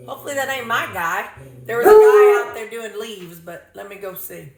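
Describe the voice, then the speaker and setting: A woman's voice: on the high side, very animated, moderate pace, roomy sound, soft background music. A woman with a Missouri accent, chatting casually and rambling folksy as she vlogs from her home kitchen. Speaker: vlogger. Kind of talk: casual chat.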